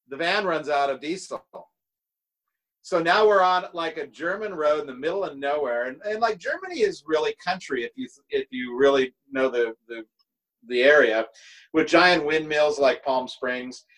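A man's voice: fairly high pitch, expressive, unhurried, fairly bright tone, rough recording. A middle-aged man, a guest drummer from the United States, telling road stories in a laid-back, rambling way and swearing freely. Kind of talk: casual storytelling.

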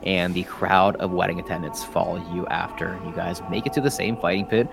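Man, game master, low voice, laid-back rambling, faint music behind. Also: fairly quick, gravelly. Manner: casual, rambling, profane narration with many fillers. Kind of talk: narrating a tabletop game.

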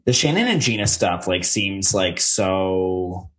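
A man's voice: low-pitched, lively intonation, slow, fairly bright tone. A man co-hosting a podcast, recapping TV in casual chat, rambling with many fillers and some swearing. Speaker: podcast co-host.

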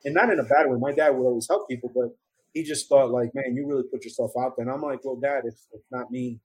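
Husky-voiced middle-aged New York man. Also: medium pitch, fairly even intonation, quick pace, a little mellow, low-quality recording. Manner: earnest, emotional storytelling with many restarts. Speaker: former police officer telling his survival story. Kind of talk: first-person testimony in an interview.

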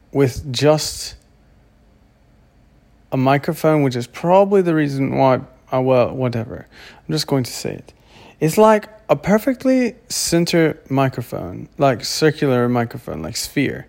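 A man's voice: mid-range voice, lively intonation, unhurried, creaky, a little mellow. A man talking to camera in a casual monologue, rambling and often stopping to search for words. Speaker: vlogger.

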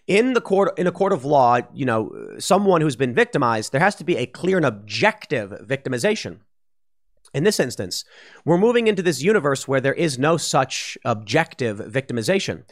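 A man giving solo political commentary, arguing his point while thinking aloud, with many restarts and stumbles. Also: medium pitch.

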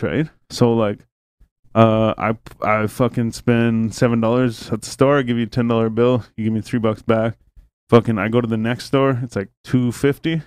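A man's voice: mid-range voice, darkish tone, dry recording. A man hosting a podcast, telling a story in casual, rambling chat, full of swearing and filler words. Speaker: podcast host. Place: podcast studio.

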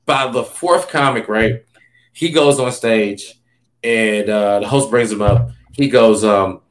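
A man's voice: lowish voice, takes it slowly. A man, a stand-up comedian, telling stories in a loose, casual interview chat, full of fillers and asides. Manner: loose, filler-heavy, animated anecdotes.

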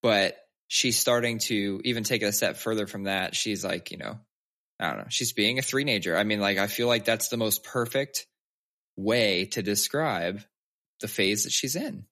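A man's voice: lowish voice, moderate pace, pushed and bright. A man in his thirties chatting candidly about his kids, swearing freely and acting out their lines. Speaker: podcast co-host. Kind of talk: casual chat.

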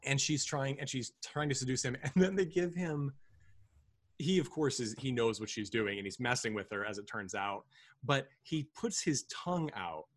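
On a podcast he co-hosts, a man chats casually about a film, rambling with frequent restarts and many fillers. His voice is medium in pitch with lively intonation and a normal pace, recorded without any room sound.

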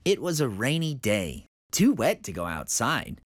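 A woman reading a children's picture book aloud with lively expression. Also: extremely low pitch, measured pace, dry recording, clean studio sound. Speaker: storybook reader.

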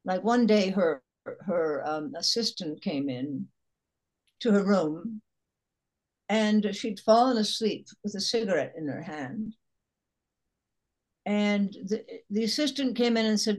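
An older woman actress with a husky voice, telling animated anecdotes as an interview guest. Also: medium pitch, takes it slowly, pauses often. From Chicago area. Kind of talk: casual interview chat.

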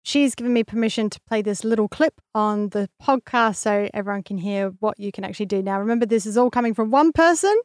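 A woman's voice: mid-range voice, quick pace, few pauses, darkish tone, no room sound, studio quality. A young woman co-hosting a podcast, explaining things with enthusiasm. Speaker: podcast co-host. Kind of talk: casual chat on a science podcast.

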